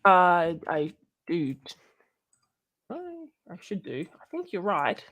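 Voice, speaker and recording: A woman's voice: fairly low pitch, slow pace, fairly bright tone. A young woman with an Australian accent, chatting casually on a livestream about science and rambling with many fillers. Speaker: streamer.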